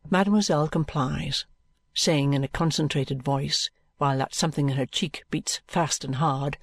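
A man's voice: fairly high pitch, fairly even intonation, a little fast, vocal fry, slightly rough, no echo. Man narrating a classic novel. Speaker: audiobook narrator. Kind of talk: audiobook reading of a classic novel.

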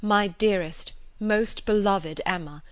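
A woman reading the part of an earnest, grave gentleman suitor, speaking in a measured and tender way. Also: medium pitch, clean tone, no room sound, natural voice.

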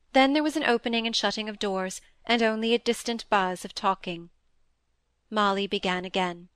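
A woman narrating a classic novel in a measured, even storytelling manner. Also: medium pitch, smooth, dry recording. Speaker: audiobook reader. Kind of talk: scripted narration.

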